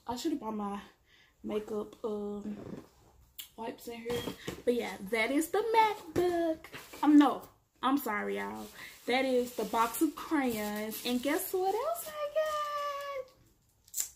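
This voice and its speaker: A woman with kids doing a casual, chatty product review, excitedly addressing viewers as y'all. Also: on the high side, slow pace, vocal fry, background noise. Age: adult, has kids. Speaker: beauty vlogger.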